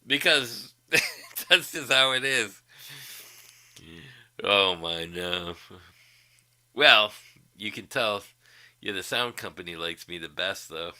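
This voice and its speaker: A man's voice: on the low side, animated, slow pace, pauses often, bright, forceful tone. A man hosting a casual livestream, profanely mocking a rival with frequent laughter. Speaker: livestream host.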